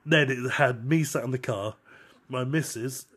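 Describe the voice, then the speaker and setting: A man with a husky, slightly rough voice, co-hosting a casual podcast chat. He tells his stories in an animated way, swears freely and laughs in the middle of his lines. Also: medium pitch, unhurried. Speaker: podcast co-host.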